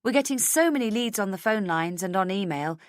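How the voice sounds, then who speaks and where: A woman's voice: medium pitch, lively intonation, a little fast, no echo, studio quality, natural voice. A woman voicing a serious, insistent female coworker in an audiobook. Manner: firm, insistent.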